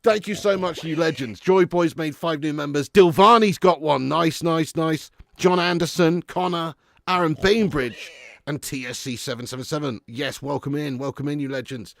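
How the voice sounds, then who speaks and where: A man's voice: fairly high pitch, fairly even intonation, moderate pace, gravelly, a bit bright, no echo, clean studio sound. A man hosting a live football watch-along, joking and laughing as he thanks viewers for super chats.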